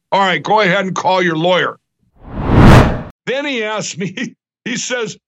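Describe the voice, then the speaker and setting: A man's voice: high-pitched, sharp tone, lo-fi sound. A middle-aged man telling a story in an interview, agitated and acting out the dialogue with many restarts. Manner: agitated, acts out quoted dialogue, frequent restarts. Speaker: guest recounting an event.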